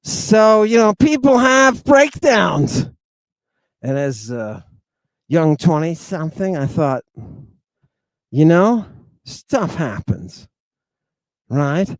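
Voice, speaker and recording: An animated man telling a story from his past in loose, slangy talk, his pitch leaping up and down as he goes. His voice sits a little high for a man and sounds close and dry, with no room around it. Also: slow, pauses often, no echo. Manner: animated, slangy, peppers lines with "right?" and "baby". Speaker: podcast host. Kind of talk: casual storytelling monologue.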